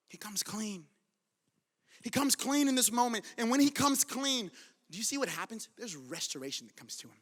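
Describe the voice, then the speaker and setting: A man's voice: high voice, expressive, normal speed, a bit bright. A man preaching a sermon as pastor in a church, urging his congregation with fervent conviction. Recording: long reverb of a large church hall.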